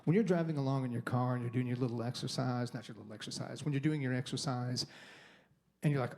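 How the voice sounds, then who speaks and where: A man's voice: mid-range voice, lively intonation, fast, darkish tone. A man giving a guest sermon in a conversational, rambling way, with restarts and acted-out inner monologue. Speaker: guest speaker. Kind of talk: sermon talk. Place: church sanctuary.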